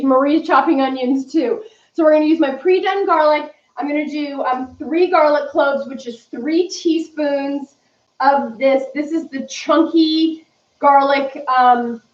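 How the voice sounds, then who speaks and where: High-pitched lady rambling thru a home cooking vid, far from the mic, kinda dull muffled sound. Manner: chatty, rambling, scattered. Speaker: cooking vlogger. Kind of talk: casual live cooking demo. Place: home kitchen. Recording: roomy, distant, dull mic.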